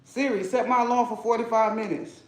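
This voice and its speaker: A man with a very high voice runs a casual cooking livestream from his kitchen. He jokes, teases, and hypes up his viewers in a loose, chatty way. The sound bounces around an echoey room with a faint hiss underneath. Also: fairly even intonation, a little fast. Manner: playful, hyped, teasing chat.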